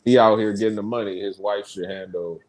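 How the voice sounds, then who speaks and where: A man co-hosting a casual podcast, chatting about sports and news in an animated, storytelling way and quoting others. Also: on the low side, a little fast. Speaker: podcast co-host. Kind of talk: casual chat and sports talk.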